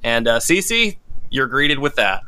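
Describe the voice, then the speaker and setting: Game master, male, lively and bright, loose and joking. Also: mid-range voice, slow pace, smooth. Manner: joking, loose casual talk. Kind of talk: running a tabletop game with friends.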